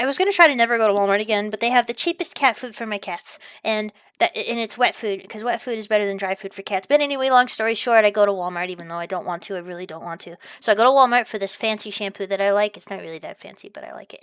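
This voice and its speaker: A woman's voice: medium pitch, quick pace, few pauses, fairly bright tone, smooth, no echo, studio quality. A woman delivering an exasperated, profane rant, repeating herself as she vents. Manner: exasperated, profane, repetitive ranting. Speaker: ranting vlogger. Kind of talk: angry rant monologue.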